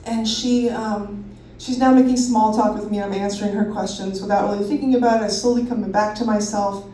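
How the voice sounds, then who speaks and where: A woman in her thirties telling a personal story live on stage, animated and self-mocking, laughing often. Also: medium pitch, brisk, a little hiss or hum. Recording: roomy hall from a distance.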